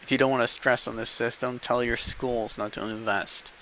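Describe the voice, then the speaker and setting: Man, casual opinion monologue, argumentative, bright forceful voice, faint room hiss. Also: medium pitch, fairly even intonation, normal speed, rough recording. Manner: argumentative, repeats rhetorical "okay?" and "right?". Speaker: vlogger speaking to camera.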